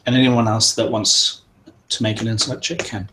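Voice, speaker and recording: A man narrating as game master in a tabletop game, pausing often with fillers. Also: on the low side, level tone, pushed and bright, a little hiss or hum, poor audio. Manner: hesitant, many pauses and fillers.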